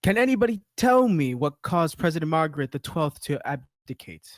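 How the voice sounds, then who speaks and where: A woman's voice: deep voice, sing-song, moderate pace, no room sound, clean studio sound, pitched below the performer's own voice. A woman voicing a stern, exasperated male schoolteacher.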